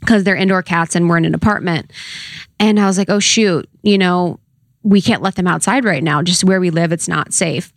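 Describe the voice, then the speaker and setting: A woman's voice: lowish voice, steady tone, moderate pace, no room sound, clean studio sound. A young woman in casual conversation, telling a story with lots of "like" and quoted voices. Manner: chatty storyteller, heavy use of "like". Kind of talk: casual chat.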